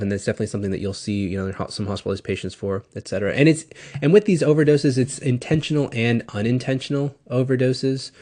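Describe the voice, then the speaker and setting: A man's voice: lowish voice, darkish tone. Casual rambling male lecturer. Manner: casual, rambling, many fillers and self-interruptions. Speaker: pharmacology lecturer. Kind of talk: recorded classroom lecture.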